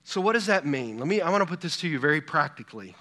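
A man's voice: a little high, big pitch swings, quick pace, sharp tone. A pastor in his fifties preaching a sermon, full of rhetorical questions and personal stories. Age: 50s.

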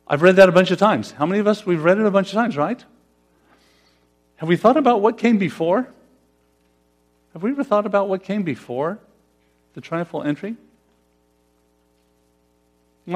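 A pastor preaching a conversational sermon, putting questions to his congregation. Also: fairly high pitch. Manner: conversational, asks the congregation questions, laughs often.

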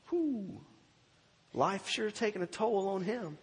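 Husky-voiced preacher in an echoing hall. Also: male voice, sits high. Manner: animated storytelling, slows for emphasis. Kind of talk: sermon.

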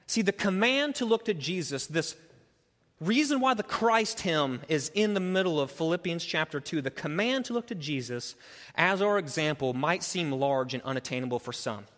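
A man preaching a sermon, moving from quiet earnest teaching to loud rhetorical questions. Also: a little high, animated, moderate pace. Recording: long hall reverb.

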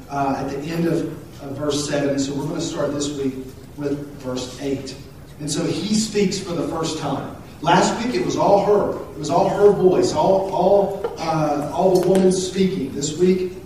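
A man's voice: on the high side, darkish tone. A male pastor preaching in a joking, conversational way with frequent restarts, heard in a church hall. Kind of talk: sermon. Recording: echoey hall from far off, faint hiss.

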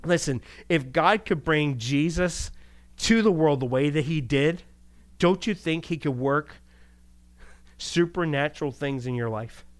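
A male pastor delivering a conversational sermon, animated, asking rhetorical questions and chuckling between points. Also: fairly high pitch, a little slow.

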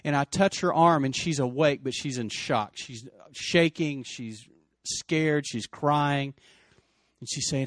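A man's voice: fairly high pitch, slow pace, no room sound. A middle-aged man earnestly retelling an emotional story, with many restarts. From West Texas. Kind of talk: personal storytelling.

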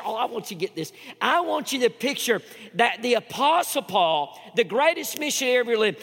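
High, gravelly-voiced man preaching in a hall. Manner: emphatic preaching with repetitions, swinging from loud to hushed. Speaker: pastor. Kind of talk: sermon.

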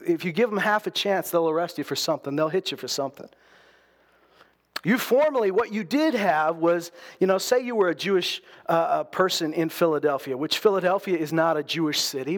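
A man preaching a sermon in a conversational way. He often restarts his sentences and acts out the quotes he tells. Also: high voice. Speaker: pastor.

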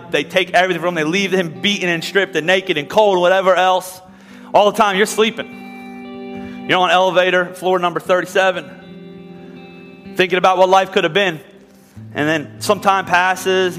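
High-voiced emphatic man preaching. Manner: storytelling, emphatic. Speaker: pastor. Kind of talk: sermon. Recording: reverberant hall with soft music.

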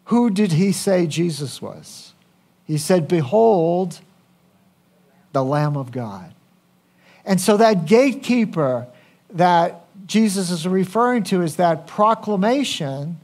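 A pastor delivers a sermon in a relaxed, conversational way. His voice sits high for a man, and he takes his time. He often turns to the congregation with questions.

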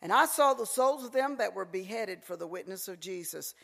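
A folksy preacher man delivers his sermon in a high voice. His tone is bright and ringing, and he tells stories with animated, preacherly energy from a church pulpit. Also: brisk, gravelly. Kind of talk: sermon with storytelling.

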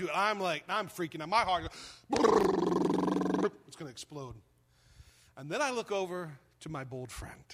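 Male pastor, high ringing voice, lively sermon storyteller. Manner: storytelling, animated, acts out quoted voices.

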